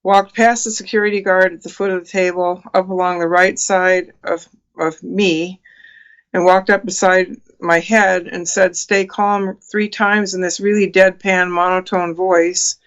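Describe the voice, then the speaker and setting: Woman in her 60s, interview guest, flat even voice, smooth and clear, lots of uhs. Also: lowish voice, a little slow, muffled recording. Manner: earnest, vivid retelling with many fillers. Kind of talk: telling a personal story in an interview.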